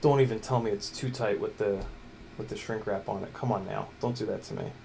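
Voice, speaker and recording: A man's voice: on the low side, fairly even intonation, fairly quick, gravelly, a little mellow, slight background noise. A man streaming a drone build from a workbench, chatting casually and muttering to parts as he works. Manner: mutters and coaxes parts while working, loose and joking. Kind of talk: casual livestream chat while building.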